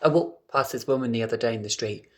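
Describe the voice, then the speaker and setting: A British man talking to his phone camera at home in a casual vlog, camp, chatty and animated, swearing freely. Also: mid-range voice, fast talker. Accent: British English. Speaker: vlogger.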